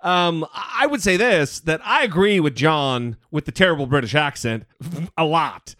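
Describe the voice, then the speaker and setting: A man's voice: on the high side, animated, moderate pace, pushed and bright, no echo, studio quality. A man hosting a podcast, in blunt, profane and teasing casual political chat. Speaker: podcast host.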